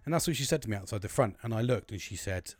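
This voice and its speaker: A man's voice: lowish voice, animated, fast, a little mellow, dry recording. A man in his thirties hosting a late-night podcast, talking candidly and rambling with frequent swearing and restarts. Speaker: podcast host.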